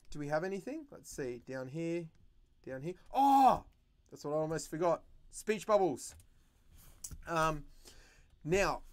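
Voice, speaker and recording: A man hosting a drawing livestream for kids, talking in a playful, animated and jokey way as he teaches. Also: fairly high pitch.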